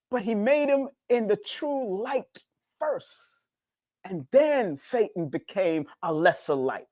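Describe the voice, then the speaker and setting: A man giving a casual spiritual talk as a numerology teacher, preachy and repetitive, swinging his pitch up and down. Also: animated, unhurried, no room sound, clean studio sound.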